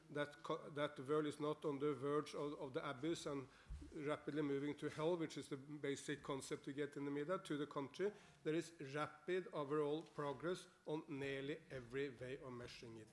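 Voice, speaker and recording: Upbeat Norwegian-accented man giving a speech. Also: on the high side. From Norway. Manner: upbeat, repeats words while searching for them. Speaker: guest speaker. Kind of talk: formal speech to a parliament. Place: parliament chamber.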